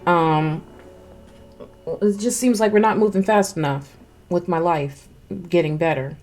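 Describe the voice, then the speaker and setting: Low-voiced woman streamer chatting while eating. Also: unhurried, a little mellow. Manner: chewing between words, candid and rambling. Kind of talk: casual chat while eating. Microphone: close desk mic. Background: faint music.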